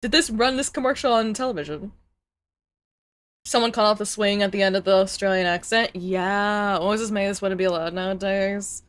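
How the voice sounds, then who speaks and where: A woman streams a casual live reaction with a rambling, giggly, exclamatory way of talking. Her voice sits at a middle pitch. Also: normal speed.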